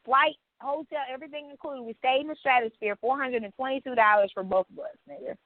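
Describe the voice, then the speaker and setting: A woman in her thirties trades blunt, profane remarks in a casual podcast chat, laughing easily. Her voice sits a little high. The sound is dry and narrow, like a phone line. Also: quick pace, no room sound. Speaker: podcast co-host.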